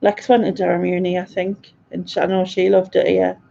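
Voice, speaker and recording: Chatty Sunderland woman, low gravelly voice. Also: flat delivery, brisk, warm tone, dull audio. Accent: Northeast English (Sunderland). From Sunderland, northeast England. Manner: chatty, rambling, laughs often. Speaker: live-stream host reading chat. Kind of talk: casual live chat.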